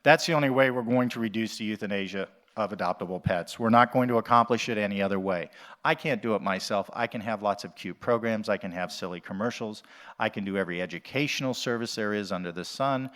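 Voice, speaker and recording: A man's voice: lowish voice, quick pace, a bit bright. A man from the USA, an animal shelter director, giving a conference presentation in a jokey, conversational way and addressing the audience directly.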